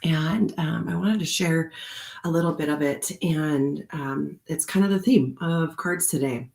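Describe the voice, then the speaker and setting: A woman casually telling a personal story with many fillers, now and then jumping into a high voice to act out what she said. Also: measured pace, gravelly, darkish tone, echoey room. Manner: chatty, many fillers, acts out quotes in a high voice. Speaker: host of a card reading channel.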